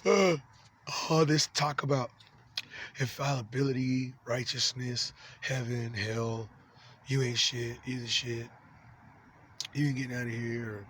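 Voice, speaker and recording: A man in his forties vents to camera in an unscripted monologue, swearing freely and stumbling through fillers and restarts. His voice sits at an ordinary male pitch. A faint background noise runs under him. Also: steady tone, unhurried, pauses often, fairly bright tone. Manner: angry, profane, rambling with many fillers. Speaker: vlogger.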